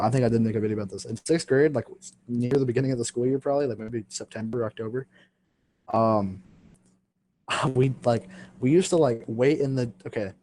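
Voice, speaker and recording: A man's voice: mid-range voice, mellow, a little hiss or hum. A young man hosting a podcast, casually telling a school story with lots of fillers, swearing and laughter. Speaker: podcast host.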